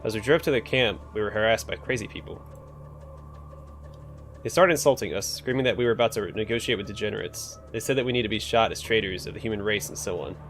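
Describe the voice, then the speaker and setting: A jittery clerk from a role-playing game, read by a man, stumbling over his words and apologizing as he goes. His voice sits fairly low. Faint music plays in the background. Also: quick pace, a bit bright. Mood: nervous. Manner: stammering, apologetic. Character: nervous male clerk with verbal tics.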